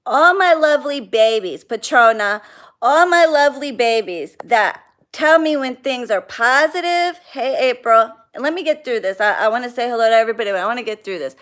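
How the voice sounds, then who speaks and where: A woman's voice: fairly high pitch, a bit bright. A young woman hosting a casual livestream, venting bluntly about clients, swearing freely and greeting viewers by name. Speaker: spiritual practitioner hosting a livestream.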